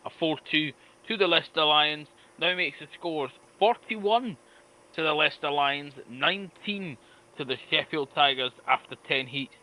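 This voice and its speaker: A man's voice: fairly high pitch, normal speed, sharp tone, poor audio. Man announcing speedway lineups and scores. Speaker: speedway podcast co-host. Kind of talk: reading race lineups and results.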